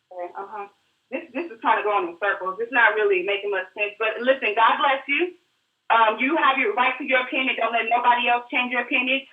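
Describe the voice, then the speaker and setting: A woman in her twenties from Austin, Texas, talks quickly and emphatically in a high voice. She sounds far from the phone, on a narrow, echoey line. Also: steady tone. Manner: rapid, emphatic, insistent. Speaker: caller.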